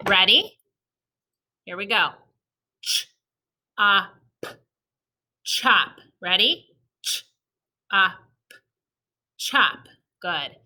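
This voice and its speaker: Slow, patient woman teaching kids to read. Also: medium pitch, pushed and bright. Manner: slow, patient, encouraging, sounds out letters. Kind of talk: recorded early-reading lesson for young children.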